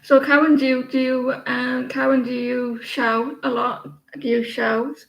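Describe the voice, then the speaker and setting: Slow, halting woman doing tarot readings. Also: high-pitched, flat delivery, creaky, echoey room, poor audio. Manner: slow, halting delivery with many fillers and restarts. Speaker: tarot reader. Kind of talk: live-stream tarot reading, chatting with viewers.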